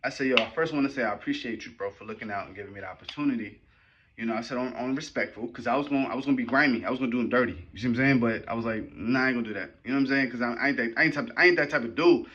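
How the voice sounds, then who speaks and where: A man hosting a podcast, telling a personal story in a casual, animated and slangy way, often checking in with his listeners. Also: mid-range voice, racing, lo-fi sound, slight background noise. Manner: animated, slangy, rambling with frequent "right?" and "you know what I'm saying". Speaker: podcast host.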